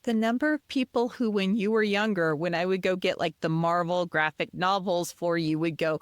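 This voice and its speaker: A woman host in a casual interview chat, animated and acting out the people she quotes. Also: fairly low pitch, normal speed, smooth, dry recording, studio quality.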